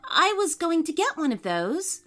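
A woman's voice: very high voice, big pitch swings, normal speed, fairly bright tone, soft background music, voice pushed up, heavily acted. A woman voicing a brave little girl in a storybook reading, earnest and matter-of-fact.

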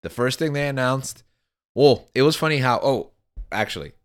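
A man's voice: medium pitch, lively intonation, normal speed, clean tone. A man hosting a casual podcast, steering a chatty group back on topic with some exasperation. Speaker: podcast host.

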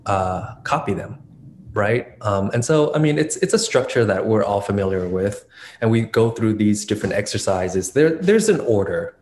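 A man's voice: fairly low pitch, animated, normal speed, darkish tone, slight background noise. A male dance choreographer being interviewed, recalling his past in a reflective way with many fillers and restarts. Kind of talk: casual interview storytelling.

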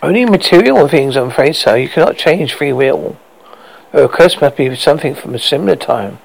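A man's voice: on the high side, animated, brisk, gravelly, poor audio. A man voicing an odd, formal male shopkeeper who speaks in a polite, mock-solemn manner. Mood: prim.

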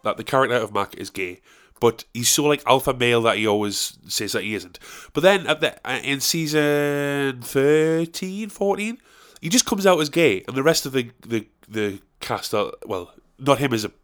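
A man in his thirties talks on his own in a loose, wandering monologue, chatty and quick to poke fun at himself. His pitch sits in an ordinary middle range. He swears casually as he goes. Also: animated, a bit bright, smooth. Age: 30s. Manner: rambling, chatty, self-mocking, swears. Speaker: comedian and musician.

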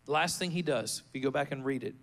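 A male pastor delivering a fervent sermon in a church, building to rousing shouts and leading the congregation in prayer. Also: mid-range voice, quick pace.

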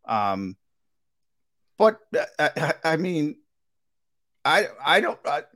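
A man's voice: on the high side, takes it slowly. A man giving sports analysis on a talk show, starting over often and pressing his points with emphasis. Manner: hesitant restarts, emphatic and animated.

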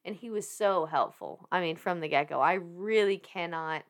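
With a fairly low pitch and a moderate pace, a Southern-accented woman in her thirties tells a story on a podcast where she's a guest. She keeps it casual and animated, often laughing, using profanity, and restarting her sentences.

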